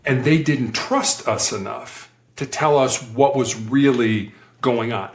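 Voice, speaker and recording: A man's voice: mid-range voice, slow, roomy sound. A man, a former hostage negotiator, telling stories in an interview and acting out the voices he quotes. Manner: animated, acts out quoted voices. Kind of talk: conversational interview storytelling.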